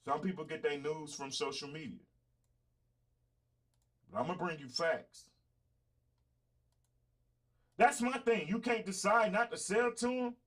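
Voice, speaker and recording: A man's voice: on the high side, measured pace, pauses often, fairly bright tone. A man hosting a livestreamed podcast, giving heated, profane commentary straight to his chat. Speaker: podcast host.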